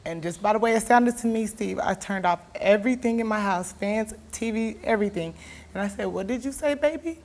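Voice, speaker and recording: A young woman speaks as a talk show guest, telling her story in a rush of emotion. She sounds tearful and pleading at times and climbs into near shouts, with her voice in a middle pitch range. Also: steady tone, a little fast.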